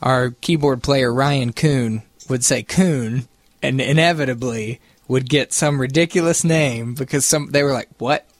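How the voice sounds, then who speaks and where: A man's voice: medium pitch, measured pace, no room sound. A man hosting a morning radio show, teasing his co-hosts and reading out light news items.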